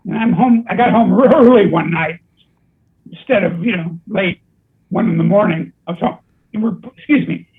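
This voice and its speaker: A man's voice: sits high, normal speed, slightly rough. Older man, comedy writer, storytelling, phone-like sound. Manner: animated anecdote teller who laughs at his own punchlines. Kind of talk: casual storytelling. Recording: tinny phone-like line.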